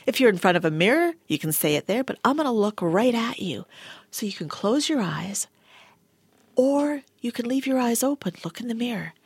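A woman giving a motivational talk and guiding affirmations in a studio, animated, laughing often and dropping into soft whispers. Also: on the high side, normal speed, husky, no room sound. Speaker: wellness speaker. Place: studio with a sound engineer.

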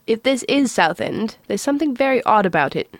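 A woman's voice: on the high side, very animated, a little fast, no room sound. A woman reading aloud, voicing a bewildered, polite young man who makes dry, understated remarks. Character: bewildered polite young Englishman, mildly anxious.

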